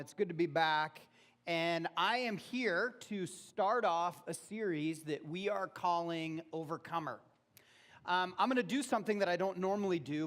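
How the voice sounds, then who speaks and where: Pastor guy with a high voice, chatty sermon, gets loud on the bible verses. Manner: conversational preaching, rises loud on quoted verses. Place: church auditorium.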